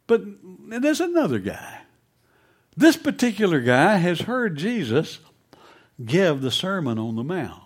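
A man preaching a sermon, telling a story with animated delivery and hushed emphasis. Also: mid-range voice, breathy edge.

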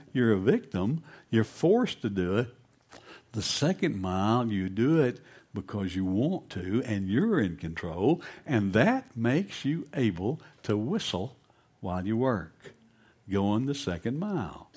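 An animated male preacher delivers a sermon, his voice swinging widely from booming to hushed. He tells his story with energy, dropping low to drive points home. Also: takes it slowly, husky. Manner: animated storytelling, drops to a hush for emphasis.

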